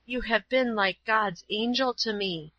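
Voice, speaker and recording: Lady doing a weak dying old woman, slow and faint, bit dull lo-fi sound. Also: fairly high pitch, sharp tone, no room sound.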